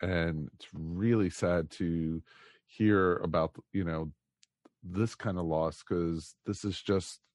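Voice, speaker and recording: A man's voice: deep voice, fairly even intonation, slow pace, darkish tone, no room sound. An American man hosting a podcast, talking casually and rambling with many fillers. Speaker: podcast host.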